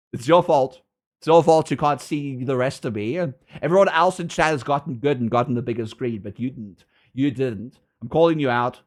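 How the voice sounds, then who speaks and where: A man streaming a game and chatting with his viewers, teasing them and laughing often. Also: medium pitch. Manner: playful, teasing, laughs often, jumps between loud and mumbled; reads chat aloud and answers viewers. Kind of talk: casual livestream chat.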